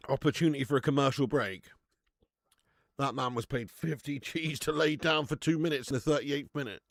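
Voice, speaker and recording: A young man hosting a live football watch-along, chatting casually, swearing freely and answering viewers' comments out loud. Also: mid-range voice, fairly quick, vocal fry, no room sound, clean studio sound. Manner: excitable, swears, reads chat comments aloud. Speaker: live-stream host.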